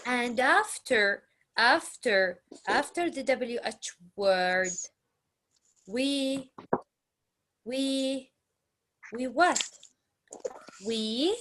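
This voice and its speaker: A woman's voice: fairly high pitch, animated, drawn-out words, long pauses, pushed and bright, a little hiss or hum. A woman teaching English grammar, drilling question words over and over and stressing her question intonation. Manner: drills phrases with repetition and exaggerated question intonation. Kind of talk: slow classroom grammar lesson.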